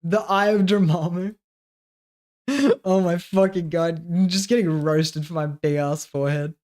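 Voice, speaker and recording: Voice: mid-range voice, steady tone, measured pace, a little mellow. A livestreamer talking casually to their chat, loose and jokey with plenty of laughter and swearing. The voice sits in a mid range, and they often trail off while muttering through small tasks. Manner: talks to self while working, trailing off mid-sentence.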